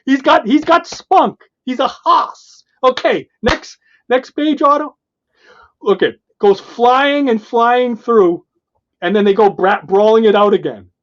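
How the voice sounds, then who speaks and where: A man co-hosting a podcast, casually and excitedly walking through comic book pages and acting out the characters' lines. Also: very high voice, dull audio, slight background noise. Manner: excited, retells panels and acts out the dialogue in quick bits. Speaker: podcast co-host.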